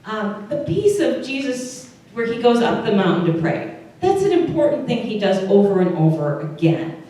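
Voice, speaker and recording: A warm, somewhat high voice with a sing-song lilt and normal speed belongs to a woman pastor with an Upper Midwest American accent. She chats through her sermon, asking the congregation questions, heard from far off in a very echoey service room.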